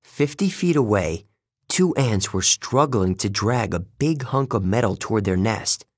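A man narrating a first-person story in a measured, steady way, recorded close to the mic. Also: on the low side, slightly rough, dry recording. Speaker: audiobook narrator.

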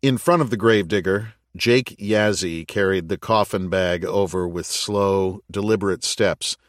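A man reading an audiobook in steady, measured scripted narration. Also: low-pitched, no room sound, clean studio sound.

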